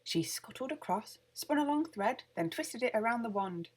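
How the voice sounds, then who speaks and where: A woman reading a children's picture book aloud with lively, expressive storytelling. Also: on the high side, normal speed. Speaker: storybook reader.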